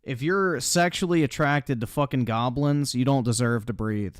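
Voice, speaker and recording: A man's voice: medium pitch, moderate pace, clear, resonant tone, no echo, studio quality. A man live-streaming his reactions, blunt and full of swearing. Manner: profane, blunt outbursts.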